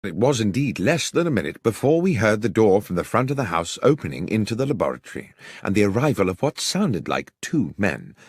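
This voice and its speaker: A man reading a story in the first person as an audiobook, with expressive, dramatic delivery. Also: fairly low pitch, a little fast, breathy edge, dry recording, studio quality. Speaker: audiobook narrator.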